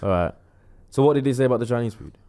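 A man co-hosting a casual live-stream chat, animated, laughing often, trailing off and restarting. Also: mid-range voice, rapid-fire. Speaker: co-host.

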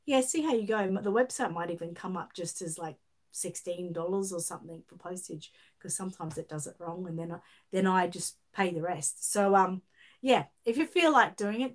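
Chatty Australian woman reading comments. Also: mid-range voice. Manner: chatty, rambling with many fillers and restarts. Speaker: livestream host. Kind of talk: casual livestream chat reading viewer comments.

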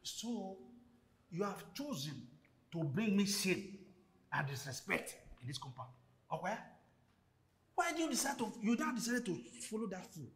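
An actor playing a furious, stern father who shouts and scolds his daughter. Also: sits high, big pitch swings, normal speed, pauses often, full character voice. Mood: scolding. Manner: shouting, scolding, repeating himself. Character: furious middle-aged father, stern and shaming. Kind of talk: film drama acting.

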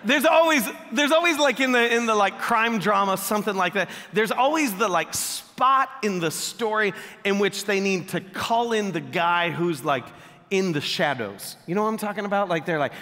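Pastor guy preaching, jokey and animated, high bright voice, lots of hall echo. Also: normal speed. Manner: animated, joking and conversational. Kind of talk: sermon. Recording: long echoey hall reverb.

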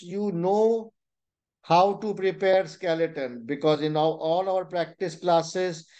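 Young male tutor, Pakistani English accent, high voice, unhurried webinar delivery. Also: dark tone. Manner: slow, deliberate instruction with frequent "you know" and "right?". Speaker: exam tutor. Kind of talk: online webinar lesson.

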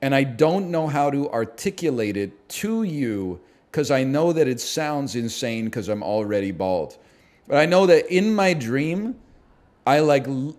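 A man's voice: mid-range voice, lively intonation, measured pace, darkish tone. A man in his thirties from Canada, chatting casually on a stream in a rambling, sardonic way and swearing freely.

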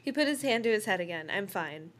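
Female podcast co-host reading a novel aloud, mid-pitched, prone to laughter. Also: lively intonation, fast, a bit bright. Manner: reads steadily, laughs between passages.

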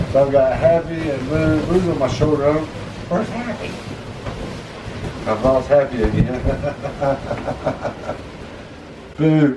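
A man who owns pet monkeys narrates a casual vlog in a playful, chatty way, laughing often and talking to the animals. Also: mid-range voice. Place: indoor room filled with balloons. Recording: echoey room, distant mic, background noise.

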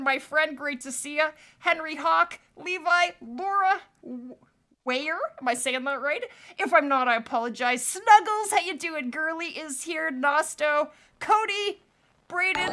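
A woman's voice: sits high, sharp tone. A woman live-streaming a hunting game, bubbly and chatty, laughing often and greeting viewers by name while nursing a back injury.

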